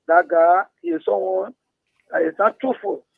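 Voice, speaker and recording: A man calling in to a talk show with a halting political comment, restarting his phrases. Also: sits high, lively intonation, creaky, no room sound. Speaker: caller. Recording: tinny phone line.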